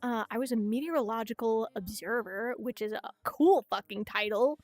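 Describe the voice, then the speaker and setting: Young woman VTuber with a high voice and a dry close mic, faint music behind. Chats casually, rants and swears freely. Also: moderate pace, no room sound. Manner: animated ranting, frequent swearing, acts out voices. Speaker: VTuber streamer. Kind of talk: casual livestream chat.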